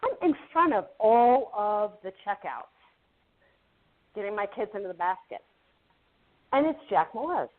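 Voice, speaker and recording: A woman's voice: mid-range voice, sing-song, unhurried, long pauses. A woman guest actress telling a story in a casual interview, chatty and repeating words as she builds it up. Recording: phone-like narrow band.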